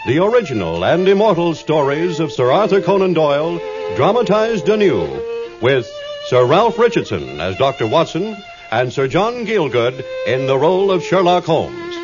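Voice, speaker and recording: A man's voice: a little high, big pitch swings, moderate pace. A male announcer introducing a radio drama in a stately, formal manner. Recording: dull lo-fi old radio recording. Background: violin music.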